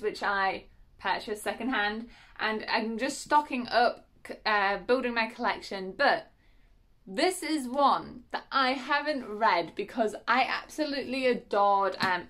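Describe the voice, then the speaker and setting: A woman's voice: fairly high pitch, unhurried, fairly bright tone. A woman chatting casually as she unboxes books at home, correcting herself often and giggling. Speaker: book vlogger.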